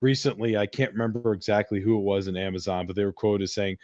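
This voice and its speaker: A man's voice: on the low side, little pitch movement, fast talker, few pauses, a little mellow, no room sound. Chatty man on a dull, dry mic. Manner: chatty, jokey, trailing restarts. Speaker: podcast host. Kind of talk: casual chat about movies.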